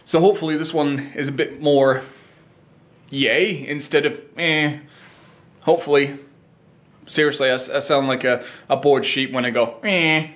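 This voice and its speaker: A man's voice: medium pitch, level tone, brisk. A young man chatting casually on a vlog, rambling with lots of uhs and ums. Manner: rambling, full of uh and um. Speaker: vlogger. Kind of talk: casual chat.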